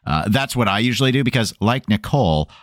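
A man's voice: medium pitch, expressive, quick pace, no echo, clean studio sound. A man with a Midwestern American accent, co-hosting a podcast in casual, rambling, self-deprecating chat. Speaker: podcast co-host.

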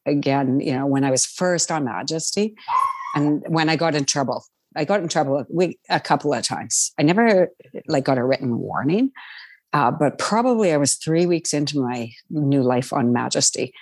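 An animated storyteller recalling life on cruise ships in a relaxed conversation. They laugh often and slip into quoted voices. The recording is dry and close. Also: medium pitch, moderate pace, dry recording. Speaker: guest, former cruise ship crew member. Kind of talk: casual storytelling chat.

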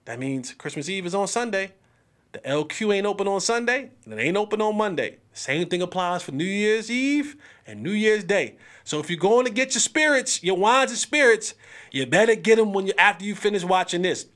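High-voiced animated sports podcast host. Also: male voice. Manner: animated, trash-talking, slangy; drawn-out hype exclamations. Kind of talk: casual sports talk.

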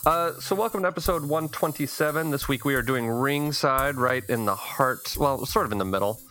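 Man, podcast host, casual chat, bright tone, rambling with fillers. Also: mid-range voice, fairly quick, soft background music. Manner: rambling, hesitant, many fillers.

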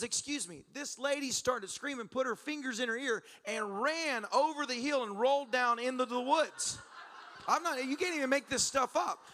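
A male pastor preaching to a church congregation, telling stories with laughter and acting out conversations. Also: very high voice. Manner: animated, laughing storyteller who acts out exchanges. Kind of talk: sermon with storytelling. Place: church service.

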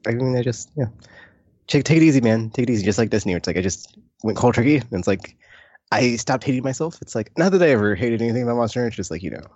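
A man's voice: medium pitch, animated, rapid-fire, darkish tone, husky, no room sound. A man hosting a podcast in casual chat, rambling loosely with lots of fillers and restarts. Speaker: podcast host. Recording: dry, slightly dull lo-fi sound.

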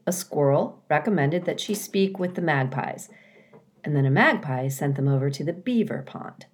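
A woman teacher reading a children's storybook aloud, expressive and animated. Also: low voice, moderate pace.

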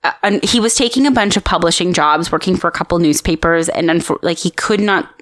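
Lady podcast host rambling through a story, lowish voice, dry close sound. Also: fast talker, no room sound. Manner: rambling, hesitant storytelling with restarts. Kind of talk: casual chat.

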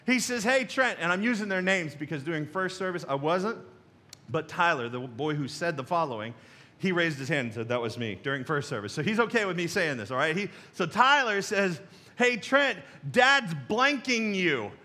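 A middle-aged pastor preaches to his congregation in a loose, folksy way, breaking into chuckles and tossing questions at the pews. His voice sits high for a man and rings bright and forward. He is heard through a stage microphone in a church sanctuary. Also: expressive, a little fast. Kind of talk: sermon.

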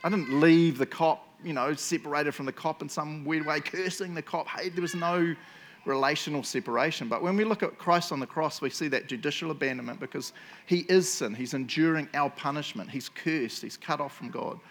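A man's voice: a little high, fairly quick, fairly bright tone, slight background noise. A man preaching a casual sermon, telling stories in a jokey, self-mocking way and teasing his listeners. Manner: jokey, self-mocking storyteller who teases the audience.

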